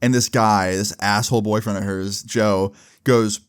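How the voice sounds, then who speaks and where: A man's voice: on the low side, steady tone, measured pace, clean tone. A young man casually telling a story to camera, exasperated and swearing freely. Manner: profane, exasperated retelling. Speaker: storytelling vlogger.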